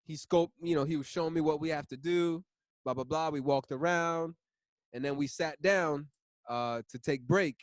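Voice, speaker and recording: A man's voice: fairly high pitch, normal speed, no room sound. Chatty, slangy man teaching scripture. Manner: chatty, laughs often, uses slang. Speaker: bible study teacher. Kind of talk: casual bible study teaching.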